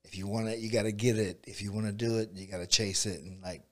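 Laid-back man with a lowish voice. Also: fast. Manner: relaxed, rambling, says "dude" and "like" a lot. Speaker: jiu-jitsu and MMA coach. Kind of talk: casual conversation.

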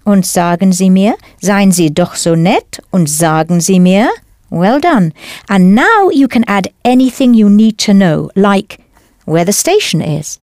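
A woman leading a scripted audio language lesson with clear, encouraging instruction. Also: mid-range voice, expressive, measured pace, darkish tone, no room sound, studio quality. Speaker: language course teacher.

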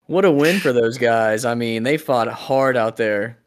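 A young man co-hosting a podcast. He rambles through casual chat, cracking jokes and breaking off mid-thought. His voice sits at an ordinary middle pitch. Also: a little slow, noisy background. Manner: rambling, jokey, trails off and restarts. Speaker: podcast co-host.

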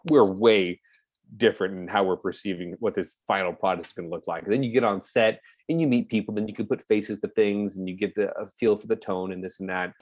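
A young man with a fairly low voice talks casually as an interview guest, relaxed and quick to laugh. He slips into other people's voices when he retells things. The sound is close and dry. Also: no room sound. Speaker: guest actor.

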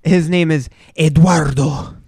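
A man co-hosting a podcast, trading crude jokes and swearing freely as he slips into goofy voices. His voice sits a bit high. The sound is dry and close. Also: steady tone, takes it slowly, a little mellow, breathy edge, dry recording. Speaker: podcast co-host. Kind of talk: casual banter.

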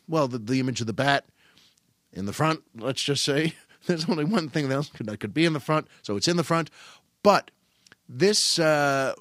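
A man's voice: mid-range voice, a bit bright, no echo, studio quality. A middle-aged man telling a funny family story in casual monologue, self-mocking and full of restarts. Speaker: podcast host.

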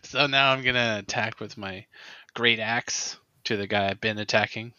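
A man's voice: fairly low pitch, normal speed, sharp tone, lo-fi sound. A man playing a barbarian in a tabletop game, eager, counting his rolls aloud with mock exasperation. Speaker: player. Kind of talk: casual tabletop game play.

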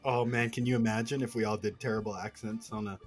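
A podcast co-host in casual chat, animated, laughing and swearing freely. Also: medium pitch, fast talker, breathy edge, faint music behind.

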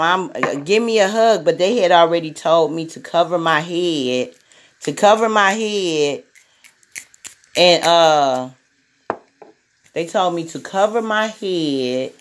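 Woman podcast host, frank and salty, rambling casual monologue. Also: lowish voice. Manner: blunt and profane, with many repetitions.

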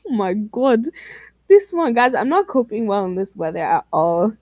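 A woman's voice: mid-range voice, sing-song, normal speed, darkish tone, no echo. A young woman co-hosting a podcast in casual chat, laughing often and exclaiming. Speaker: podcast co-host.

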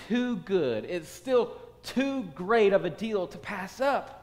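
A man voicing an excitable, greedy jeweler who gushes and pleads. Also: high-pitched, slow, pitched above the performer's own voice, heavily acted. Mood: eager. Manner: gushing, breathless and pleading. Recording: long hall reverb.

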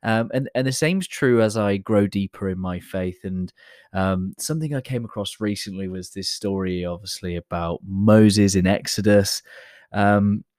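A man's voice: lowish voice, moderate pace, a little mellow, dry recording, clean studio sound. A man hosting a podcast, talking in a casual, chatty, motivational way, self-deprecating, with many fillers and restarts. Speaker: podcast host.

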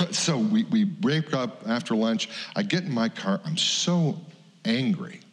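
Middle-aged pastor telling a story in a reverberant church. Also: male voice, fairly low pitch, a little slow. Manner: conversational, animated storyteller acting out quotes. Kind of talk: sermon storytelling. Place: church sanctuary.

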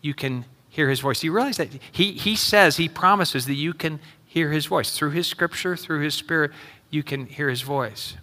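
A man's voice: on the high side, moderate pace, sharp tone. A male pastor preaching an earnest sermon and often repeating his questions to the congregation. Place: church sanctuary. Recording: long reverb in a hall.

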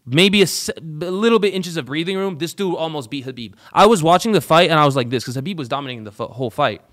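A male show host gives casual sports commentary in his own voice. He is animated and profane, jumping from loud outbursts to quiet, muttered asides. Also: a little high, quick pace.

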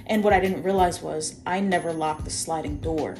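A young woman co-hosting a podcast, telling a story in a lively, chatty way. Her voice sits on the low side for a woman, and she keeps turning to talk straight to her listeners. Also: moderate pace, soft background music. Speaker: podcast co-host. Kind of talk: casual storytelling.

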